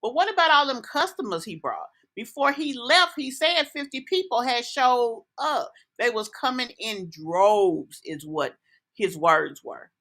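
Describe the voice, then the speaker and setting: A woman delivers reaction commentary in a bright, forceful voice that sits a little high. She scolds and lectures with indignation, speaking straight at the person she criticizes. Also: animated, a little slow. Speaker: commentary host.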